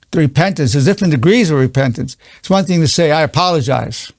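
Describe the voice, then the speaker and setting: A man's voice: on the high side, lively intonation, quick pace, no echo. A man in his eighties, a psychologist giving an earnest spoken lesson, repeating key phrases with stammering restarts. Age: 80s.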